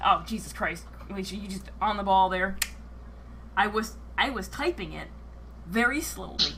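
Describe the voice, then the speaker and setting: Bright joking woman running a game. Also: medium pitch, normal speed, a little hiss or hum. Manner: filler-heavy, joking, swears freely. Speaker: game master and streamer. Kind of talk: casual live-stream chat.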